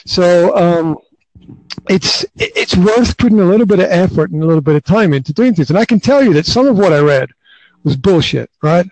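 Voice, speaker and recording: A man's voice: sits high, lively intonation, brisk, a little mellow, no room sound, poor audio. A man hosting a podcast, talking in a rambling, casual way with lots of fillers, restarts and tag questions like "right?". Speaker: podcast host. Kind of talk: casual conversational podcast chat.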